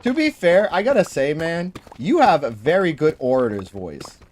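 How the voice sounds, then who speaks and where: A man's voice: on the high side, sing-song, moderate pace. A man with a Boston accent chatting casually on a gaming livestream, rambling and friendly as he searches for words. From Boston area, New England. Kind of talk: casual chat.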